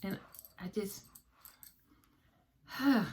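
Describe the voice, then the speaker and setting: A woman vlogger telling a story to her viewers in a dramatic, animated way, acting out the dialogue, with features. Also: sits high, a little slow.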